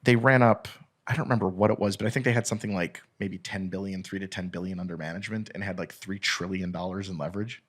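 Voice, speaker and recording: A man guesting on a podcast, telling a story in a rambling, animated, profane way with fillers and restarts. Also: low voice, fast talker. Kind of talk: casual storytelling chat.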